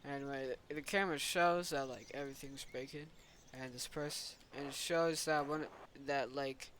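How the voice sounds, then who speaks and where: A man's voice: mid-range voice, fairly even intonation, normal speed, fairly bright tone. A young man casually retelling a story in a rambling way, full of "like" and restarts. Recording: noisy home recording.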